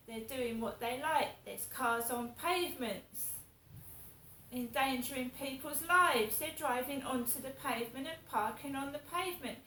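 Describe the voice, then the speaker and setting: A woman's voice: sits high, pushed and bright. Indignant woman ranting. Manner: indignant, repetitive complaining, swears. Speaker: vlogger. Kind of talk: casual ranting monologue. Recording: echoey room with faint ambient noise.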